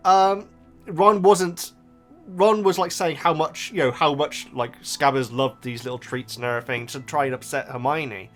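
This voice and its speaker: A man's voice: a little high, moderate pace. Man, casual book reaction host, emotional, restarts a lot, faint background music. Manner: animated and emotional, frequent restarts, keeps saying "guys".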